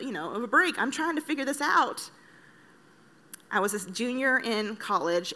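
A woman's voice: mid-range voice, sharp tone. A woman from Kenya, a missionary, giving an earnest, conversational personal testimony to an audience, with light joking asides. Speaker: missionary speaker.

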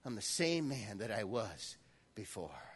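A preacher voicing a reluctant, pleading Moses. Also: male voice, on the low side, big pitch swings, measured pace, breathy edge, pitched below the performer's own voice, exaggerated voice. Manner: hesitant, pleading.

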